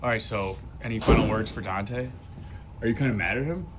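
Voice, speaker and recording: A teasing man asking pointed questions while filming someone on the go. His voice sits low, and clear background noise runs under it. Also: brisk. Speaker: on-the-street video interviewer.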